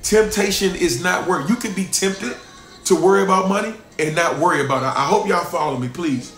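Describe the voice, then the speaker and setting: A man preaching as a pastor, emphatic, repeating lines for stress and swinging between loud bursts and hushed asides. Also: high voice, a little fast, echoey room, faint music behind. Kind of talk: sermon.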